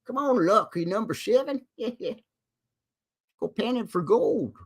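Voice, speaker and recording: A man putting on the voice of a rambling old gold prospector, drawling slowly with a wheezy laugh. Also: high-pitched, lively intonation, husky, pitched above the performer's own voice, exaggerated voice. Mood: jokey.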